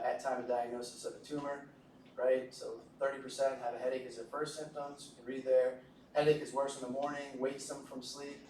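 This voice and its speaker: A man's voice: mid-range voice, a little mellow. Joking male lecturer in an echoey room. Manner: jokey, conversational, asks the class questions. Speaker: medical lecturer. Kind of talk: classroom lecture. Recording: echoey room from a distance with faint noise.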